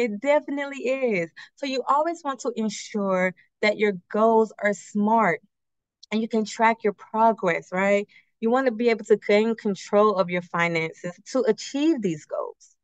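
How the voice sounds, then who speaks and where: A credit union financial educator with a mid-range voice leads a casual budgeting workshop with slides. She speaks conversationally, draws on everyday personal examples, and keeps checking in with "right?" and rhetorical questions. The recording is dry and slightly muffled.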